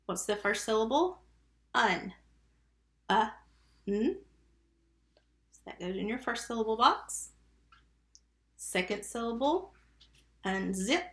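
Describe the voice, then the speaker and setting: A woman's voice: medium pitch, fairly bright tone. A woman teaching a recorded first-grade phonics lesson, patiently sounding out syllables and letters one by one. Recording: roomy, echoey recording.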